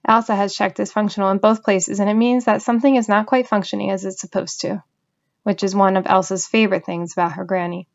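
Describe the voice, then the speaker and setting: A woman's voice: medium pitch, fast, vocal fry, muffled recording. Woman reading a novel aloud. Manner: even, storytelling narration. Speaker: audiobook reader.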